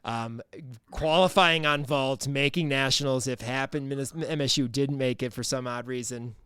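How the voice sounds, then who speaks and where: A man's voice: mid-range voice, steady tone, normal speed, a bit bright, clean tone, dry recording. Dry-sounding male podcast co-host. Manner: rambling, lots of fillers and restarts. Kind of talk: casual sports chat.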